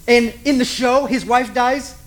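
A man's voice: very high voice, fairly even intonation, measured pace, a bit bright, poor audio. A man preaching a sermon as a pastor, talking animatedly and acting out little asides.

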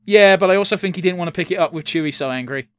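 A man's voice: sits high, rapid-fire, fairly bright tone, clear, resonant tone, no echo. A man chatting casually while watching a film, blunt and swearing freely. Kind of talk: casual chat reacting to a film.

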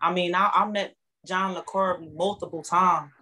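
A woman, sharing an emotional testimonial. She speaks in a heartfelt, animated way and repeats her points for emphasis. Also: lowish voice, normal speed, low-quality recording. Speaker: guest, network marketing member.

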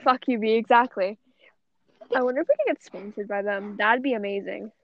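A young podcast co-host talks fairly quickly in a medium-pitched voice, recorded on dull, lo-fi audio. She keeps the chat casual and rambling, swearing often and leaning on "like" constantly.

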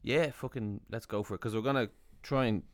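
A man's voice: medium pitch, a little fast, dry recording. A young Irish man co-hosting a podcast in casual, laid-back chat, swearing and laughing easily. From Ireland. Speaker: podcast co-host.

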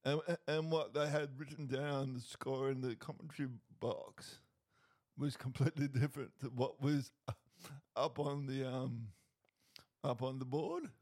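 A man's voice: mid-range voice, fairly even intonation, a little slow, darkish tone, no room sound, clean studio sound. A man co-hosting a podcast, chatting casually and telling rambling stories with frequent chuckles. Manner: rambling storyteller, chuckles often. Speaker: podcast co-host. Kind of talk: casual chat.

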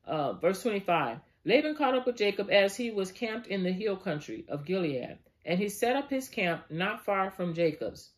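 Bible teacher with a lively, chatty delivery. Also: mid-range voice, normal speed, few pauses. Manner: conversational asides, frequent fillers. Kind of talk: reading scripture with commentary.

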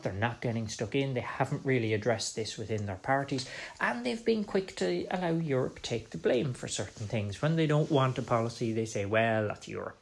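An Irish man speaks as a podcast host in a long history monologue. He talks in an animated way and often restarts his sentences. He slips into quoted voices as he explains. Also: mid-range voice.

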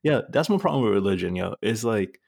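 A man with a low, gravelly voice riffs in casual podcast chat, swearing freely and working himself up. The sound is dry and close. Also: expressive, brisk, darkish tone, no echo. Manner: profane, riled-up, laughing asides. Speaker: podcast co-host.

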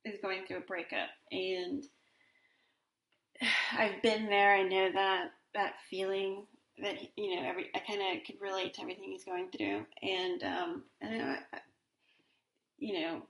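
A woman's voice: medium pitch, fairly even intonation, a little slow, fairly bright tone, echoey room. A woman in her forties hosting a solo podcast in a casual, rambling way, with many fillers and restarts. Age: 40s. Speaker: podcast host.

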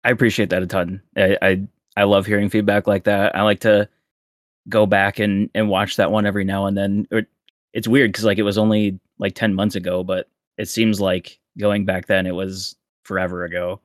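A young man chats as a podcast guest in a low voice. He rambles easily, laughing between thoughts and leaning on fillers. The sound is dry and close, with no room around it. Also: flat delivery, normal speed, dry recording. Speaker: guest content creator. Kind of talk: casual podcast chat.

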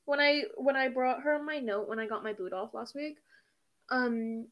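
A teenage girl co-hosts a podcast with a slightly high voice. She rushes her words, stumbles now and then, and swears freely in easy, casual chat. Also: lo-fi sound. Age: teens. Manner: fast-talking, swears often, stutters. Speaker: podcast co-host.

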